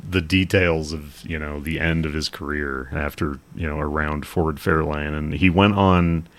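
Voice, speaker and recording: A man with a very deep voice co-hosting a podcast in relaxed casual chat. He rambles through his thoughts and breaks into laughter often. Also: moderate pace. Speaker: podcast co-host.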